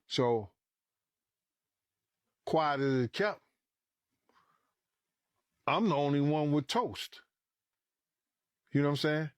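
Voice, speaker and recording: A middle-aged man telling a story as a podcast guest in a casual, animated way, swearing freely and acting out what people said. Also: a little high, slow, pauses often, no echo, clean studio sound. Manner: animated, acts out quoted dialogue, swears freely.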